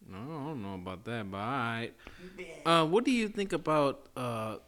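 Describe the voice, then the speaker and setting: A man's voice: mid-range voice, very animated, normal speed, a bit bright. A man hosting an improvised comedy chat, playful and laughing, with loose slangy talk. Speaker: comedy host interviewing characters.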